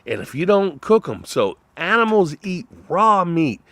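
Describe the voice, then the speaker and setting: A man in a rambling, profane monologue whose voice swings between loud outbursts and low mutters. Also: big pitch swings, a little slow, slight background noise.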